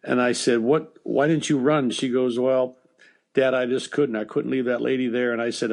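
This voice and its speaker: An older American man, a former baseball coach, telling personal stories in an interview in a halting way with frequent restarts. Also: mid-range voice, steady tone, vocal fry, darkish tone. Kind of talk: emotional storytelling interview.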